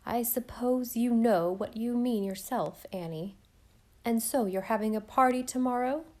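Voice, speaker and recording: A woman voicing a fussy, self-pitying older aunt who speaks in a slow, reproachful drawl. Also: a little high, dark tone, natural voice.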